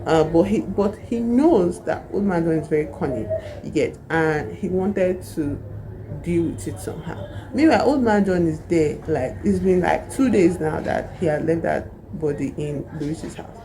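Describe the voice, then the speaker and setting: A woman's voice: on the low side, lively intonation, moderate pace, noisy background. A woman, casually retelling a novel's plot in a rambling way full of asides. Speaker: book reviewer.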